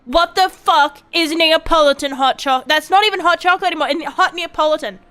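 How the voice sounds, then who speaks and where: High, bright-voiced woman streamer ranting. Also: a little fast. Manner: animated, profane ranting with frequent swearing. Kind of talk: casual live-stream ranting.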